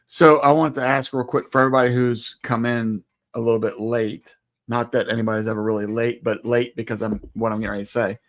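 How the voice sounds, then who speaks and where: A man co-hosting a casual livestream, speaking in a halting way and repeating words as he starts sentences. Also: medium pitch, steady tone. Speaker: livestream co-host. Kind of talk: casual live-stream chat.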